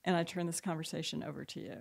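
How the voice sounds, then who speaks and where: A woman's voice: deep voice, steady tone, fast talker, gravelly, very noisy. A woman host giving a prepared introduction to open an event, reading a list of praises with a touch of light humor.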